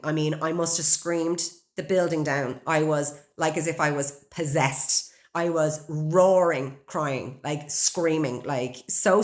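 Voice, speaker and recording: An Irish woman in her forties, hosting a podcast and telling a raw personal story bluntly, with heavy swearing and open emotion. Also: low-pitched. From Ireland. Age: 40s. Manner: blunt and heavily profane. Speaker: podcast host.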